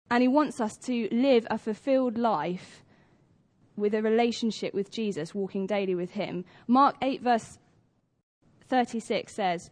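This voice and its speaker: A young British woman giving a conversational sermon in a church, acting out the stories she tells. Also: fairly high pitch. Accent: British English. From Britain. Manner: conversational, acts out stories with lively voices. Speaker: church speaker. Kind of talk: sermon talk.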